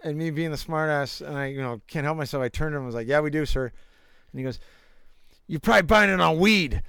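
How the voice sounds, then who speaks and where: Smooth-voiced man telling rambling stories. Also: fairly high pitch, fairly even intonation, fast, dry recording. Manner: rambling anecdotes with laughter and crude jokes. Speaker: storyteller. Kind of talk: casual chat.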